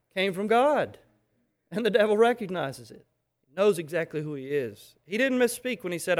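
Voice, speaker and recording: Man, high voice, sermon, emphatic preaching, animated delivery. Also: normal speed, pauses often.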